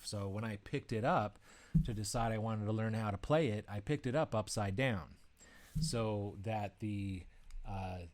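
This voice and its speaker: A man with a fairly low voice tells a personal story in a loose, rambling way. He sounds amused at himself as an author chatting casually about his book. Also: darkish tone.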